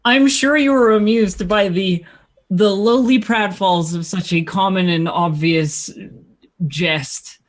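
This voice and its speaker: A sardonic court jester with a dry, sarcastic way of talking, played by a woman at the table. Her voice sits in a middle pitch. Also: takes it slowly, lightly acted.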